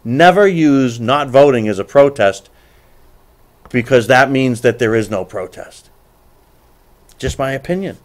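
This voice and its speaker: A man's voice: mid-range voice, a little slow. A middle-aged man hosting a live political talk show and giving blunt, opinionated rants with frequent restarts while reading out viewer messages. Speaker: show host.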